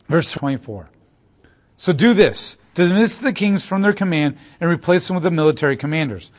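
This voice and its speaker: A man's voice: fairly high pitch, a little fast. A man preaching verse by verse through a Bible passage, acting out the quoted lines as he explains them. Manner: animated, dramatizes quotes. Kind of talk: expository Bible teaching. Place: room with a wall map.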